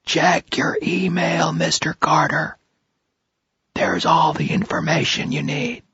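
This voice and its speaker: A cold, menacing kidnapper, whose voice comes through distorted and mechanical. It is high, breathy and gravelly, and it drags each threat out slowly. The sound is dull and lo-fi, as if heard over a phone speaker. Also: male voice, little pitch movement, pushed and bright, no room sound, heavily acted.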